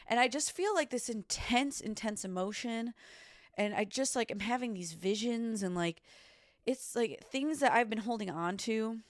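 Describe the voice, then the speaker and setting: A woman's voice: mid-range voice, dry recording. A woman hosting her own podcast, talking candidly and emphatically, swearing often and filling with "like" and "okay.". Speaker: podcast host. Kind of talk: candid solo podcast chat.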